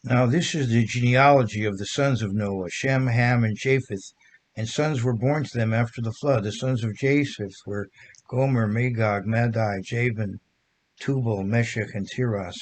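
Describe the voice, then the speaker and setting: Older male podcast co-host, measured reader, plain mid-pitched voice. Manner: steady, measured reading of name lists with small stumbles. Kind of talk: scripture reading.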